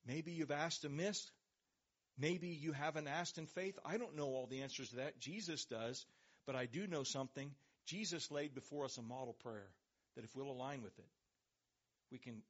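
A man preaching a sermon, pressing hard on key words and slowing down to let them land, then dropping his voice low. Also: a bit bright, lo-fi sound. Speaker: pastor.

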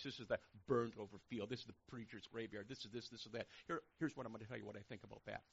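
A man preaching a sermon, dropping to a hush and then rising to loud, fervent preaching. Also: on the low side, fast talker, vocal fry, hardly any pauses, lo-fi sound, a little hiss or hum. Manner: swings from hushed and intimate to loud, fervent preaching.

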